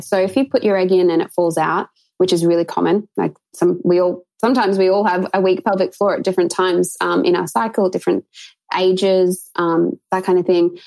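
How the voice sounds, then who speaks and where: Woman, podcast guest, intimacy coach, gravelly fry, earnest chatty explaining. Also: fairly low pitch, dark tone, low-quality recording. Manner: earnest, flowing, lots of "like" and "um". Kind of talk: casual interview talk.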